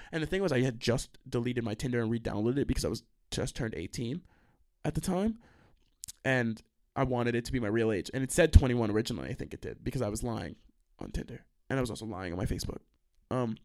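A young man hosting a podcast, telling stories in a casual, rambling way, swearing freely and breaking into quick asides and restarts. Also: medium pitch. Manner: animated, profane, trails into quick asides and restarts. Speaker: podcast host.

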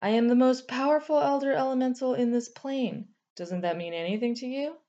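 A woman's voice: sits high, brisk, warm tone, dull audio, voice pushed up, natural voice. A woman voicing a scornful elemental sky king. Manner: contemptuous, mocking, curt. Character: arrogant sarcastic male Sky King, elder elemental.

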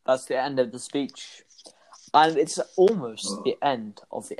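A man's voice: medium pitch, normal speed, darkish tone, a little hiss or hum, rough recording. Man, game master, playful, rambling narration.

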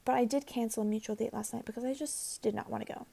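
A woman's voice: on the high side, fairly even intonation, fast, vocal fry, dark tone, breathy edge. A woman in her twenties hosting a casual solo podcast, chatty and rambling with lots of fillers. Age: 20s. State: out of breath. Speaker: podcast host.

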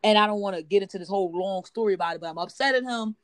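In rapid-fire fashion, a woman co-hosting a casual podcast rambles through a personal story full of fillers and AAVE speech. Her voice has a medium pitch, and the audio has no echo.

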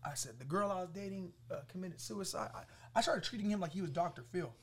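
A man from the Los Angeles area telling his testimony as a podcast guest, acting out what people said to him in an animated way. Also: high-pitched, fast talker, creaky, over a noisy crowd. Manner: animated, acts out quoted voices, laughing through funny parts. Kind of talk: storytelling testimony.

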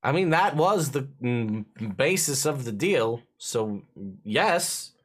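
A man voicing a boisterous male shopkeeper in a tabletop game, talking loudly and selling hard. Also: mid-range voice, expressive, slow pace. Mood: chatty. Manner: loud and boisterous.

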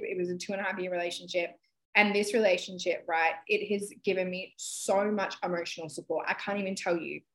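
A woman's voice: on the low side, fairly bright tone, poor audio. A woman in her thirties hosting a podcast, talking candidly and emotionally in casual chat, swearing freely. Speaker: podcast host.

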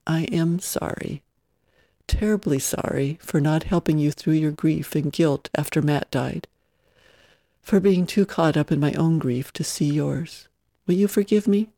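A reader voicing a widowed mother who runs a family ranch, speaking gently and earnestly in a close, dry recording. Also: medium pitch, unhurried, no room sound, natural voice. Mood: tender.

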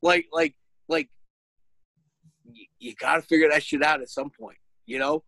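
A man's voice: on the high side, huge pitch swings, measured pace, vocal fry, dry recording, low-quality recording. Profane, exasperated man telling a story. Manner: shouts when quoting himself. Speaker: podcast host, parent. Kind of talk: casual chat.

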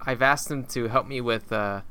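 A man's voice: mid-range voice, normal speed, sharp tone, slight background noise. A man hosting a casual movie review podcast, steering the segments and stammering at the start of phrases. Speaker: podcast host.

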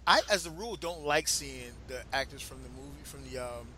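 A man hosting a casual podcast chat, loud and emphatic, swearing often and breaking into laughs. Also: mid-range voice, a little fast. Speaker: podcast host.

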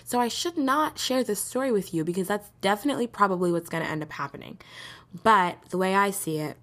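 A young woman hosts her own podcast solo, telling rambling stories in casual chat and laughing frequently. Her medium-pitched voice is fairly bright and runs a little fast.

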